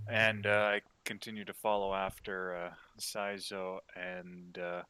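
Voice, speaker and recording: A man playing a tabletop game, speaking in a slow, halting way with stumbling starts. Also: sits low, monotone, bright, forceful tone, a little hiss or hum. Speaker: tabletop player. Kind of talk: casual game chat.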